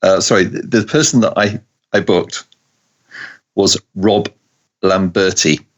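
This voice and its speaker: A man on a podcast, chiming in with short, halting remarks. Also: low-pitched, steady tone. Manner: brief interjections, halting. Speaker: podcast co-host, groom in the story. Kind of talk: casual chat.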